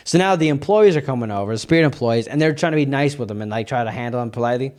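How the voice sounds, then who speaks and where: A young man co-hosting a podcast, telling a story in casual chat with lively asides and frequent restarts. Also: mid-range voice, rapid-fire, few pauses. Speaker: podcast co-host.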